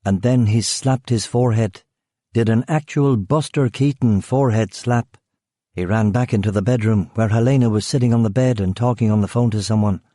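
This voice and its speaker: Deep dry-voiced male audiobook narrator. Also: warm tone, no echo. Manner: measured, dry delivery, voicing characters. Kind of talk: scripted narration.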